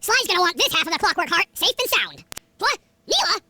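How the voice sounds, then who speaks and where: A high, child-like voice playing a big, strong male hero who proudly speaks of himself in the third person. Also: sing-song, fairly quick, bright, forceful tone, exaggerated voice. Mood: eager shouting.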